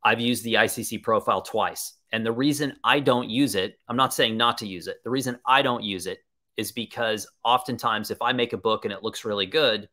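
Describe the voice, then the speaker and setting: A man's voice: fairly low pitch, fairly quick, sharp tone. A man presenting a live webinar, talking in an enthusiastic, conversational way and answering viewer questions as he thinks aloud.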